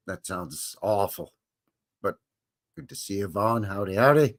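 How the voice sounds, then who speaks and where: A man's voice: mid-range voice, sing-song, a little slow, a bit bright, breathy edge. A man hosting a live stream, greeting viewers in a jokey, folksy way with cowboy slang. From Canada. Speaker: livestream host. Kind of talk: casual live-stream chat.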